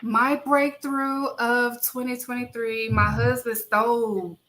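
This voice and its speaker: A woman's voice: a little high, fairly even intonation, slow, fairly bright tone. A woman co-hosting a wrestling podcast, blunt and teasing, pushing to get her turn to talk. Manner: blunt, teasing, talks over others. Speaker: podcast co-host. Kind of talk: casual wrestling chat.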